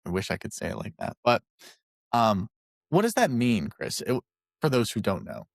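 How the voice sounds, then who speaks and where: A man's voice: wildly swooping pitch, normal speed, vocal fry, no echo. Chatty, playful man, dry close sound. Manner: chatty, playful, jokes in silly high voices. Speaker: podcast co-host. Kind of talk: casual podcast chat.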